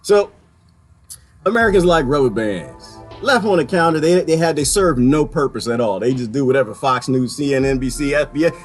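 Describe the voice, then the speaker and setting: A man ranting in a casual vlog, swinging from loud outbursts to quiet mutters and laughing often, with folksy talk. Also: mid-range voice, animated, a little fast, soft background music. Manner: folksy, uses "y'all". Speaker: vlogger. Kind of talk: ranting monologue.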